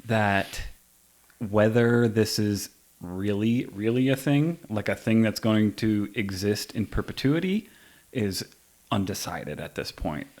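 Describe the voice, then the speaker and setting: A man in his forties hosting a podcast, talking in a relaxed way and trailing off softly at the ends of thoughts. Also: on the low side, slow pace. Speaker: podcast host. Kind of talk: casual conversation.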